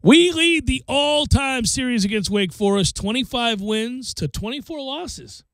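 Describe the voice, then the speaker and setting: A man's voice: very high-pitched, expressive, unhurried, fairly bright tone, no echo. A man hosting a sports radio show in a studio, chatting casually with wry, offhand asides. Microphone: studio microphone.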